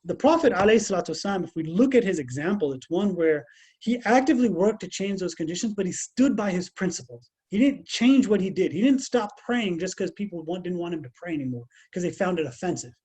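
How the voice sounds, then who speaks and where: A man's voice: sits high, fast, breathy edge. A man giving a casual religious lesson over a video call, talking conversationally and telling stories with lots of restarts. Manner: conversational, animated storytelling with many restarts. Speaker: Islamic class teacher.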